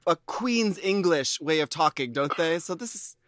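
A man's voice: fairly high pitch, animated, normal speed, a bit bright, no echo, clean studio sound. A man co-hosting a podcast, leading segments in a playful, theatrical way. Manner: playful, theatrical, says honey. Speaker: podcast co-host.

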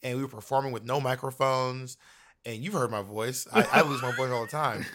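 Bright, animated campy storyteller man. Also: medium pitch, a little fast. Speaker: drag performer and actor. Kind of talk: casual chat on a video call. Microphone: remote video call.

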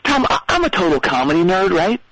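A man's voice: high-pitched, very animated, fairly quick, fairly bright tone, no echo, poor audio. A man calling into a comedy show, telling a rambling story with many stammers and restarts. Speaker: caller. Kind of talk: comedic phone call.

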